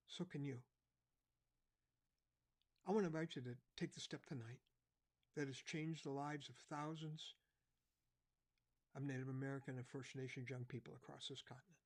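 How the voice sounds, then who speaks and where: A man preaching an evangelistic sermon, earnest, dropping to a soft, quiet voice at key points. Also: mid-range voice, steady tone, moderate pace, pauses often.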